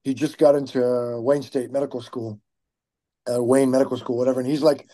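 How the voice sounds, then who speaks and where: A man's voice: mid-range voice, a little fast, dark tone. A man hosting an interview, talking in a casual, emphatic, joking way. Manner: emphatic, joking, laughs easily. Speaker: host, physician.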